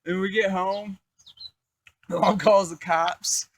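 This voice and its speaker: A man's voice: high voice, steady tone, slow, a little hiss or hum, rough recording. A young man telling a crude life story in a casual, rambling, profane way, full of fillers.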